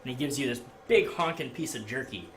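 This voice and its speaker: Lively male game master. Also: medium pitch, a little fast, soft background music. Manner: casual, hesitant with fillers. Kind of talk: narrating a tabletop game. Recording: noisy home recording.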